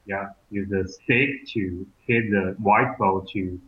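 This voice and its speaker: A man's voice: lowish voice, fairly even intonation, slow pace. A Taiwanese man whose first language is Mandarin, speaking English hesitantly with many fillers and restarts as a student in an online lesson. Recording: echoey, tinny call audio.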